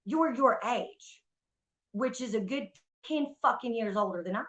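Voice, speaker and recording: A woman's voice: a little high, lively intonation, moderate pace, fairly bright tone. Woman ranting, profane and heated, lo-fi. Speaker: streamer. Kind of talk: casual storytelling rant. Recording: dull lo-fi stream audio.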